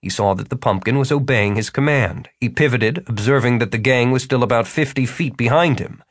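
A male audiobook narrator reading fantasy fiction in a steady, lively storytelling voice. His pitch sits in an ordinary middle range. The sound is dry and close, with no room echo. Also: brisk.

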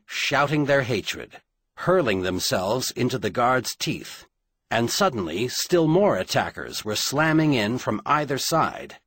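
Male audiobook narrator, husky voice, dry booth sound, dramatic measured read. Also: medium pitch, fairly bright tone, dry recording.

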